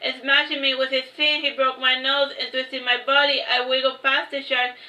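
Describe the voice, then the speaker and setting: A woman reads her own story aloud in the first person, taking each phrase slowly and deliberately. Her voice sits high and sounds bright, with an even, narrow pitch. The recording is roomy and a little muffled. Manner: slow, measured read-aloud delivery. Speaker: author reading her book. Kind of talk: first-person book reading. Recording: echoey room, slightly dull sound.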